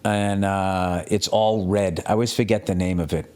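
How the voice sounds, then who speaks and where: A middle-aged man talks off the cuff like a working comedian, swearing freely and drifting from one story to the next. His delivery is casual and animated, with plenty of restarts and asides. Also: deep voice, normal speed, smooth. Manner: profane, rambling, animated storytelling. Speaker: comedian, podcast host. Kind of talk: casual rambling monologue.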